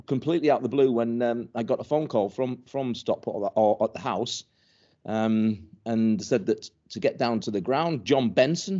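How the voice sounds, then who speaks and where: A man's voice: mid-range voice, mellow. An older man, a former footballer telling stories in a casual interview, stumbling and repeating words as he goes. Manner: rambling, many restarts and repeated words, chuckling. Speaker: former professional footballer guest. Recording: dull lo-fi recording.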